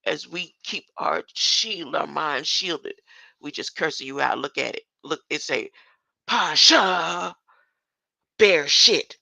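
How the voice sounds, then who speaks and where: Older speaker, solo rambling talk, slow and gravelly, bright edge, reads verses and argues back. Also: mid-range voice, dry recording. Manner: laughs often and keeps asking "huh?"; reads verses aloud then argues with them. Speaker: self-styled scripture commentator.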